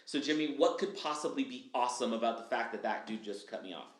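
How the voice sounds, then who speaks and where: A man speaking as a podcast guest, upbeat and animated, acting out his own quotes and often asking "right?" and saying "dude.". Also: medium pitch, fast. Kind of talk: casual podcast chat. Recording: echoey room.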